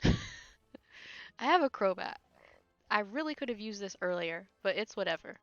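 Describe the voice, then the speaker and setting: A woman's voice: mid-range voice, animated, moderate pace, dry recording, dull audio, faint music behind. A woman casually commenting on a video game she plays, teasing and wry, laughing often. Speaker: game streamer. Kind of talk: casual let's-play commentary.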